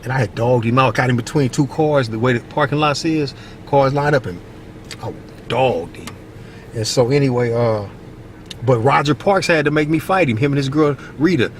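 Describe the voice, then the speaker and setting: Man telling street stories outdoors. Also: moderate pace. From Long Beach, California. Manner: animated storyteller, acts out quotes in a high voice, repeats "you know what I mean". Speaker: vlogger. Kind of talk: casual storytelling. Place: outdoors by a basketball court, moving in traffic. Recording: faint street and traffic noise outdoors.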